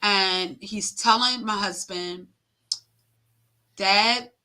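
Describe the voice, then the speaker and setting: A middle-aged woman, a guest on an interview, telling an emotional personal story haltingly with many fillers and acted-out quotes. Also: mid-range voice, pushed and bright, a little hiss or hum.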